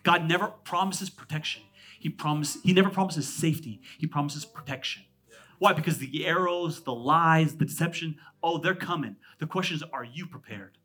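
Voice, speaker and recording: A man in his thirties, a pastor from California, preaching a sermon. He jumps between loud, emphatic lines and hushed asides, with quick, conversational humor. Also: fairly high pitch.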